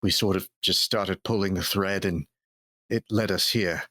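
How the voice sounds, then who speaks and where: A gentle paladin, played by a man, speaks calmly and reassuringly in a low voice. The sound is close and dry. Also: unhurried, no room sound, exaggerated voice.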